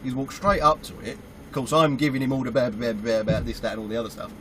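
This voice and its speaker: A British man, a truck driver, telling a story about his work in a casual, animated way and acting out his own reactions. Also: mid-range voice, fast talker, a little hiss or hum, poor audio. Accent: British English. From United Kingdom.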